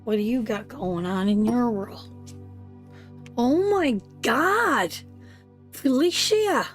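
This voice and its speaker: A woman's voice: high voice, expressive, takes it slowly, faint music behind. A woman giving a live tarot reading, emotive and calling the viewer sweetheart and honey. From Canada. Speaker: tarot reader.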